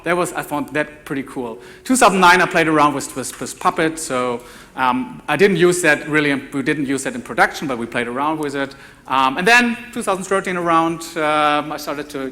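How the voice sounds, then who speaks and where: A German man in his forties, speaking with a German accent, gives a live talk as a developer evangelist in a conference ballroom. His voice is medium in pitch with a sharp edge, and he speaks haltingly, often restarting and repeating words.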